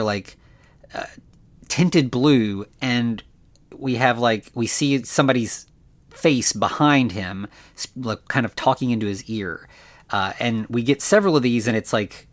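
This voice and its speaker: A man's voice: medium pitch, lively intonation, moderate pace. A man hosting a podcast, recapping a movie casually with lots of fillers and restarts. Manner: rambling, many fillers. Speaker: podcast host.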